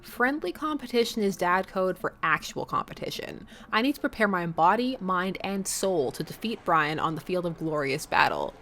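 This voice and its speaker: A woman's voice: on the low side, expressive, normal speed, hardly any pauses, fairly bright tone, a little hiss or hum. A woman chatting and joking as she plays a dating game, reading narration aloud. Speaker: streamer. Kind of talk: let's play commentary and reading game text.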